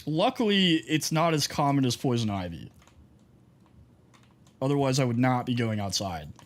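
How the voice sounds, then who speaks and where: A young male streamer from Texas chats loosely while he plays. His talk is rambling and full of fillers as he wanders between stories. His voice sits at an ordinary middle pitch. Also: animated, normal speed. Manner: rambling storyteller, heavy on fillers. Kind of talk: casual chat while gaming.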